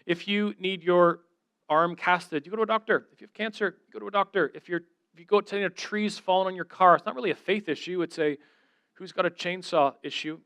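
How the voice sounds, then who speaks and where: A man's voice: high voice, brisk, a bit bright, clean tone, no echo. A middle-aged man giving an earnest, conversational sermon as a guest speaker, telling stories and voicing the people he quotes.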